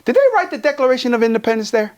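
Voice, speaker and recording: A man from California giving a motivational keynote, energetic and profane, joking with the crowd in a conference hall. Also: very high voice, rapid-fire, highs cut off, heavy background noise. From Pomona, California. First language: Tongan. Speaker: keynote speaker.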